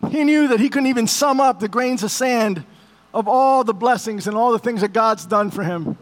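Middle-aged male pastor, very high voice, emotional storytelling sermon to the congregation. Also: moderate pace, soft background music.

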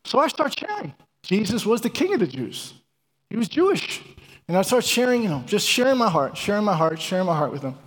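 A man's voice: high voice, big pitch swings, brisk, a bit bright. A middle-aged man preaching a sermon and telling his own testimony in a fervent, repetitive, emphatic way. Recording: reverberant hall.

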